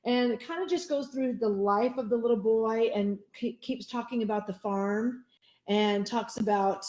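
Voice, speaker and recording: Eager chatty teacher in an echoey room. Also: female voice, a little high, normal speed, a little mellow. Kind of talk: casual sharing in a class discussion. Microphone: video call.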